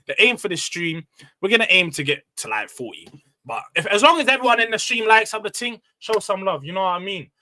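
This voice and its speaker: A man hosting a casual football live stream, loud and emotional, ranting and then bringing it back down. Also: high-pitched, animated, brisk, low-quality recording. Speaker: livestream host.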